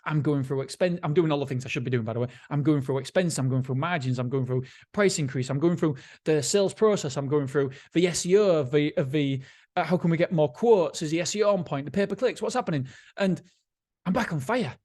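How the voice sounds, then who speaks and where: A man's voice: fairly high pitch, fast, darkish tone. Podcast host, male, slightly raised voice, blunt and profane, loose motivational rambling with frequent restarts. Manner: blunt and candid, swears freely; repetitive, restarts sentences. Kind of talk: casual motivational monologue.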